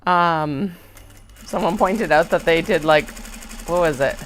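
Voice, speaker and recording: A woman's voice: lowish voice, unhurried, a little hiss or hum. A young adult woman with a Western Canadian accent, chatting casually on a sewing livestream in a rambling way, with lots of fillers and uptalk.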